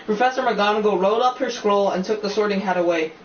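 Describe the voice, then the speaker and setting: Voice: mid-range voice, fast. An amateur audiobook reader narrating a novel, stumbling and restarting now and then, with casual asides. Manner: reads with slips and restarts, chatty asides. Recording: dull, roomy, distant recording with faint hiss.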